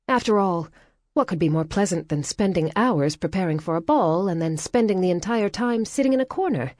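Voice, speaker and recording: A woman narrating a novel in a measured, wry storytelling manner. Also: low voice, a little mellow, breathy edge, dry recording, clean studio sound. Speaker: audiobook narrator. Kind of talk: scripted narration.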